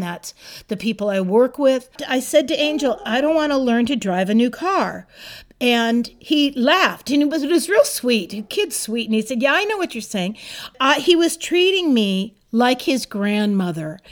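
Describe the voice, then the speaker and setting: A woman of sixty-seven telling a personal story in a casual, animated and exasperated way. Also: on the high side. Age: 60s.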